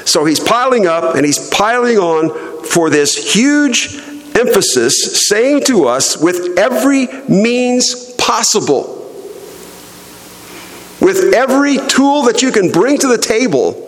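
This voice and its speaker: A middle-aged man preaching a sermon as pastor, slow and emphatic, leaning hard on stressed words. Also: sits high, very animated, big-room sound, poor audio.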